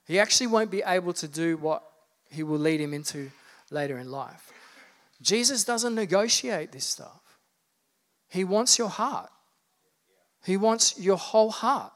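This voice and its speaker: A man's voice: high-pitched, lively intonation, unhurried, pauses often, fairly bright tone. A male pastor with an Australian accent, preaching a sermon in a casual storytelling way with humour and asides to the congregation.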